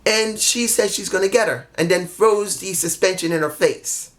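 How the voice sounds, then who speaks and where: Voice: medium pitch, moderate pace, fairly bright tone. A tired vlogger recapping a wrestling show to camera, blunt and emphatic, swearing freely.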